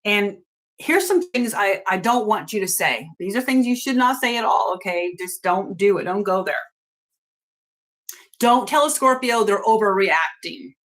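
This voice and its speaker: A woman's voice: mid-range voice, lively intonation, normal speed, fairly bright tone. A middle-aged woman talks straight to her viewers as an astrology host, laying down blunt don'ts. Her delivery is emphatic and chatty, and she laughs often between points. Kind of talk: casual astrology talk to viewers.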